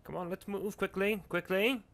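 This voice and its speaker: A man's voice: sits high, normal speed, creaky. A man chatting and joking as a player in a tabletop game over an online call. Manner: relaxed, joking table talk. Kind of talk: casual tabletop play.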